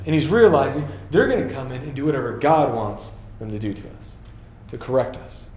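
A man's voice: medium pitch, sing-song, brisk, darkish tone, echoey room. A man in his thirties giving a casual, story-filled sermon as a pastor and acting out the quotes.

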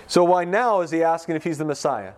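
A man preaching in a relaxed, conversational way, his voice sitting a little higher than most. He works through the text with plenty of restarts and slips into quick acted-out voices when he quotes people. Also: slight background noise. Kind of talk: casual sermon teaching.

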